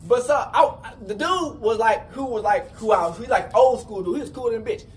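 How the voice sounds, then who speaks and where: A man casually telling a rambling, profane story, full of fillers and restarts. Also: moderate pace. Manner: rambling, animated, profane, repeats "you know what I'm saying". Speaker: storyteller recounting a jail fight. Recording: distant mic with faint rumble.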